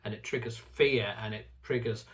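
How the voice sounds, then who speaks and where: A middle-aged man speaks earnestly to his viewers about faith and trust, in a voice of ordinary middle pitch. He talks in a reflective, teaching way and often doubles a word as he begins a thought. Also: fairly even intonation, moderate pace, a bit bright. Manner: earnest, repeats words when starting phrases. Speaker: faith teacher and channel host. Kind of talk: reflective talk to camera.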